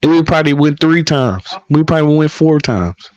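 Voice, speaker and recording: A man hosting a casual sports chat with friends, telling profane, animated stories. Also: a little high, normal speed, dry recording, muffled recording. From Milwaukee, Wisconsin. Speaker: podcast host.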